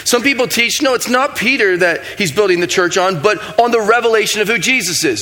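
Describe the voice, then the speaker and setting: A man's voice: high-pitched, expressive, fairly quick, few pauses, pushed and bright. A man preaching a sermon in a casual, joking manner with playful asides. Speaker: pastor.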